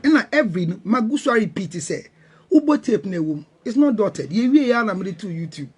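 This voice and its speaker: Emphatic Ghanaian man, husky and lively. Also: high voice, a little fast. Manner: defensive, emphatic, mixes English and Twi. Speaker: guest counselor. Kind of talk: heated panel discussion.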